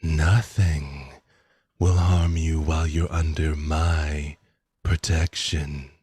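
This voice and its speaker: A man voicing an unseen, commanding protector spirit that speaks slowly into the listeners' minds. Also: little pitch movement, a little mellow, husky, dry recording, full character voice. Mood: reassuring. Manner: slow, booming voice heard in the mind.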